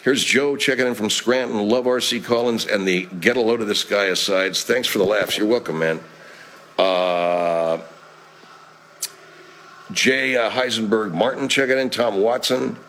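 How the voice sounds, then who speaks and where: A man's voice: on the low side, unhurried, a bit bright, slight background noise. Profane, rambling man hosting a live chat. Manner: profane, rambling, laid-back. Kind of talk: casual live-stream chat reading comments.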